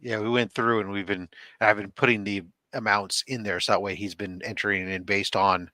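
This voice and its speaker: Bright, dry-sounding male co-host. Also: on the low side, little pitch movement, moderate pace, no room sound. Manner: chatty, joking, restarts phrases. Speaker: livestream co-host. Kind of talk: casual livestream chat.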